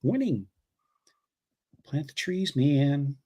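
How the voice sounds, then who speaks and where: Man reading chat messages, slightly high. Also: big pitch swings, drawn-out words, warm tone, slightly rough. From Canada. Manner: reads donor messages aloud with fillers and laughs. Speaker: co-host reading super chats. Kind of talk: casual livestream chat.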